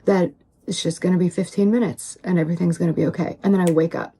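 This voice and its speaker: A woman tells a long story in earnest, rambling along and leaning on "like" as she goes. Her voice sits on the low side, mellow and a bit husky, with a soft, unhurried warmth to the tone. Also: steady tone. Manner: rambling, heavy on "like". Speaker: online personality in a played clip.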